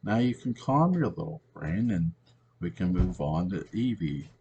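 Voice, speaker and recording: Guy reading as a smug rich schemer, deep and unhurried. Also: expressive, gravelly, warm tone, husky, lo-fi sound, heavily acted.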